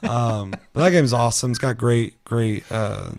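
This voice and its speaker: A man chatting casually on a gaming podcast, swearing a lot and telling stories with animated, shouted quotes. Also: medium pitch, normal speed. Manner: profane, animated storytelling with shouted put-on quotes. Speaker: podcast co-host.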